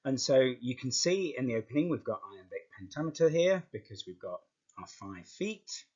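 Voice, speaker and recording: A man's voice: mid-range voice, lively intonation, moderate pace, a little mellow, slightly rough. A man teaching English in an explanatory video lesson, often checking in with "okay" as he talks the class through. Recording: muffled lo-fi recording.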